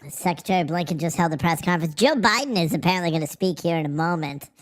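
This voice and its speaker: A man's voice: fairly high pitch, fast. A man hosting a livestream, ranting in a profane, sarcastic and rambling way through a voice changer. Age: adult, married. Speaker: livestream host. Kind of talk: casual livestream chat.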